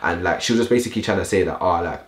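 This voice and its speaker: A young man rattling off a storytime vlog, packed with slang and asides to his viewers. His voice sits very low and he talks fast. The room around him gives it a clear echo. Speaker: vlogger. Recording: roomy echo.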